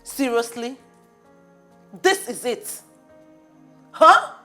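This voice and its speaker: Nigerian woman scolding her friend, high swoopy voice. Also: expressive, extremely slow, sharp tone, soft background music, heavily acted. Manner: scolding, incredulous.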